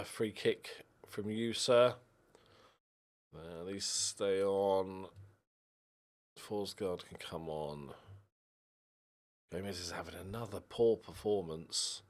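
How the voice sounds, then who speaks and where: A young man giving casual commentary while playing a football management game, talking to his players on screen. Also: sits low. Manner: animated, talks to the players on screen, yelps in frustration. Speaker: gaming YouTuber. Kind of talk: casual let's-play commentary.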